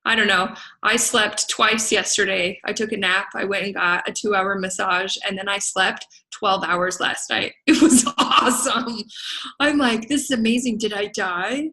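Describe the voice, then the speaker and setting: Speaking at normal speed with a steady, sharp tone, a middle-aged woman with a medium-pitched voice coaches a group on business at a Las Vegas event venue. Her motivational talk is emphatic, full of laughter and repeated "right?", and the recording is rough.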